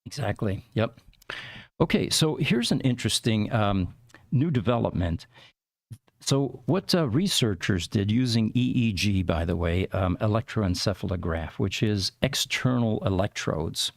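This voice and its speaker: A man's voice: lowish voice, expressive, measured pace, vocal fry, dry recording, clean studio sound. A man hosting a podcast, explaining tech news in a rambling, casual way with many fillers. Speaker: podcast host.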